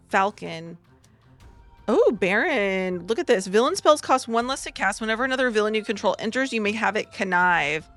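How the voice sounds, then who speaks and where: A woman with a slight cold, opening trading card packs in a bubbly vlog and reading card text aloud quickly. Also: medium pitch, fairly bright tone. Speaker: card-opening content creator. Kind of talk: excited pack-opening vlog.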